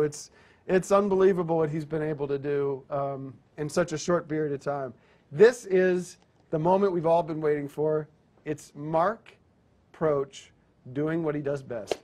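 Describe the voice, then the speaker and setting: A man's voice: fairly high pitch, a little mellow. Bossy, profane man hosting a film show. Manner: bossy, impatient, swears when directing. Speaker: host.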